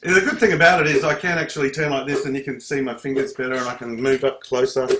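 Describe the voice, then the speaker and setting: A man's voice: medium pitch, steady tone, fast, background noise. A man teaching a live ukulele lesson on a video call, chatting, breaking off mid-sentence and counting strums aloud. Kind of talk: live online music lesson. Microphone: computer video call. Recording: echoey room on a video call.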